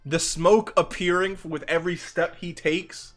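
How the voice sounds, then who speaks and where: A young man giving excited reaction commentary on game animations, gushing and restarting his sentences, calling the viewer dude and bro. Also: a little high, moderate pace, soft background music. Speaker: gaming YouTuber.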